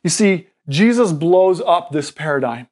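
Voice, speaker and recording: A man's voice: a little high, expressive, measured pace, a little mellow. A man preaching a sermon, earnest and explanatory, often restarting his words as he talks. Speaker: pastor.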